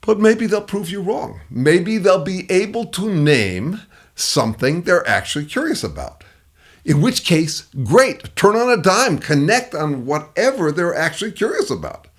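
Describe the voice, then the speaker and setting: A middle-aged man delivering scripted commentary with emphatic force. His pitch swings widely from phrase to phrase, sitting a touch above the usual male range. He slips in and out of the voices of the people he quotes. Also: sing-song, unhurried, breathy edge. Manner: emphatic, acts out quoted replies in shifting voices. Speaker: consultant on dealing with difficult people.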